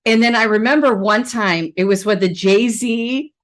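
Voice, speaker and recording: Lively laughing woman podcast host. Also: on the high side, measured pace. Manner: animated storyteller, laughs often, mimics voices. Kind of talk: casual, emotional remembrance conversation.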